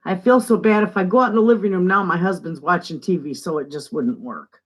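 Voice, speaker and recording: A woman's voice: lowish voice, fairly quick. An older woman from northern Michigan, chatting casually on a homestead live stream, greeting viewers and reading their comments aloud. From northern Michigan, USA. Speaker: homestead channel host. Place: home, away from the living room.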